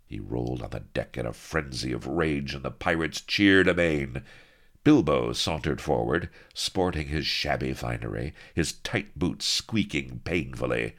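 A man's voice: very deep voice, lively intonation, measured pace, a bit bright. A man narrating a comic pirate story in a wry, droll manner. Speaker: audiobook narrator.

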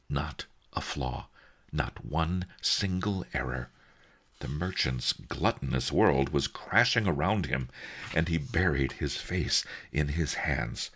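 A man giving an expressive first-person audiobook narration. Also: very deep voice, slow pace, breathy edge.

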